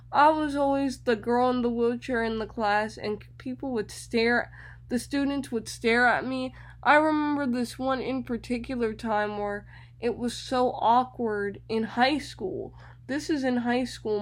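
A young woman with a fairly high voice hosts a radio show. She tells personal stories in an animated way, often repeats her words, and acts out the voices of the people in them.

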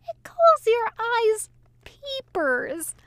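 A woman's voice: sits high, lively intonation, measured pace, fairly bright tone, no room sound, studio quality. A woman doing Aziraphale, a giddy tipsy angel. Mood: gleeful. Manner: laughing, gleeful teasing. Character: drunk cackling male angel, fussy and gleeful. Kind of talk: fan fiction audiobook.

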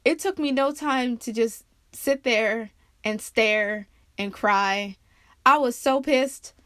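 A woman hosting her own podcast, talking casually and candidly, laughing often and swearing freely as she tells stories with big jumps in pitch. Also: takes it slowly, fairly bright tone, dry recording. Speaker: podcast host. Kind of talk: casual personal monologue.

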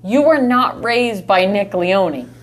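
A woman telling a lively personal story as a guest, laughing often and gesturing as she talks. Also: mid-range voice, slow. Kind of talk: casual storytelling.

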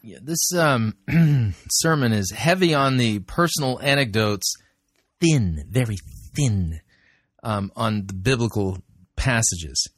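A man's voice: medium pitch, expressive, slow pace, dry recording. A man reviewing a sermon, commenting in a blunt, dry, skeptical way. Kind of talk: critical commentary.

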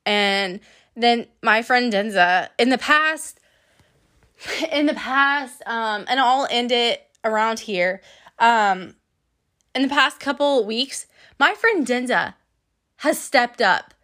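Earnest, chatty young woman, higher voice. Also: lively intonation, slow pace, bright, forceful tone. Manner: earnest, chatty, with bursts of laughter. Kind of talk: casual personal faith testimony.

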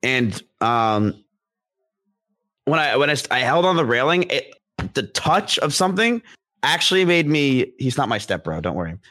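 A man's voice: mid-range voice, very animated, normal speed, bright, forceful tone. A young man talking casually and rambling, with many restarts and fillers. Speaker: podcast guest discussing ADHD. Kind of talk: casual conversation.

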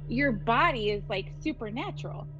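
A woman co-hosting a casual podcast, an eager listener with quick reactions. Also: a little high, animated, over music. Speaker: podcast co-host. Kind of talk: casual chat. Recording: dull lo-fi audio.

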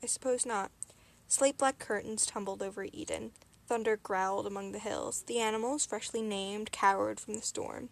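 A woman reading a novel aloud as a podcaster, relaxed, with small slips now and then. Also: mid-range voice, normal speed, gravelly. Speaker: reader and podcaster.

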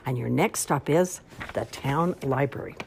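A woman voicing a showy grand marshal in a storybook read-aloud, loud and theatrical, announcing the contest. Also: very deep voice, a little slow, vocal fry, a little hiss or hum, heavily acted.

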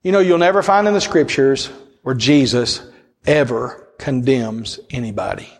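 A man preaching a sermon, building to high impassioned cries and dropping to low, hushed storytelling. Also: normal speed, in a large hall.

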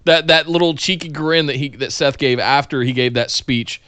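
Man, podcast co-host, joking, bright tense tone, dry close sound. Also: a little high, clean tone, no room sound. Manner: joking, quick interjections. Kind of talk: casual wrestling chat.

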